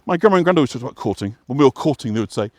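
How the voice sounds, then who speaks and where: Man, from West Yorkshire, walking-tour vlog chat, rambling with fillers, animated up-and-down voice, dry close sound. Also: medium pitch, rapid-fire, dry recording. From West Yorkshire, England. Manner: chatty, rambling, many fillers and restarts. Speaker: walking guide and vlog host. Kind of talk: casual explanatory chat while walking. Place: outdoors on a moorland path.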